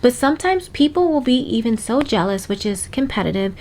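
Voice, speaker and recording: A young woman talking to her viewers in a motivational vlog, affirming them through warm repetition and light laughs. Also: fairly high pitch, very animated, a little fast. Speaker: motivational vlogger. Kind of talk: encouraging motivational talk to camera.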